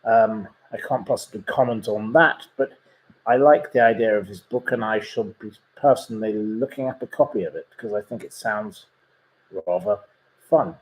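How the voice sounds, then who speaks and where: A man's voice: fairly low pitch, moderate pace, low-quality recording. A man hosting a casual chat podcast, rambling through recommendations with many ums and gossipy asides. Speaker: podcast host.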